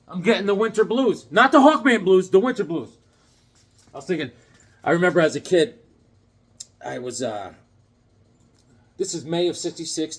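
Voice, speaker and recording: A man's voice: a little high, breathy edge. A middle-aged man in a casual vlog, telling a childhood story between comics, full of fillers and restarts. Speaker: comic book collector. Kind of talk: casual show-and-tell vlog.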